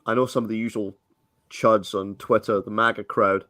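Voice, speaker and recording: A man's voice: fairly low pitch, fairly even intonation, moderate pace, sharp tone, dry recording, studio quality. A man co-hosting a live stream, talking casually and rambling with many fillers. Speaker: co-host.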